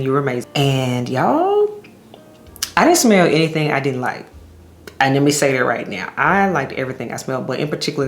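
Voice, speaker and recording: A woman chatting to camera as a fragrance reviewer, enthusiastic, calling her viewers y'all. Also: sits low. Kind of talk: casual vlog chat to camera. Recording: echoey room with faint ambience.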